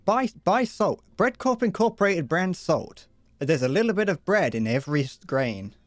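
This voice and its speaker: Livestreamer, mock ad spiel, giggly, tripping over words, very animated intonation, dry close mic. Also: mid-range voice, moderate pace, no echo. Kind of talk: improvised mock advert while gaming.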